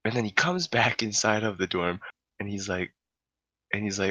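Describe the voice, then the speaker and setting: A young adult man telling a story in casual chat, animated and laughing, swearing freely. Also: on the low side, moderate pace, no room sound, muffled recording.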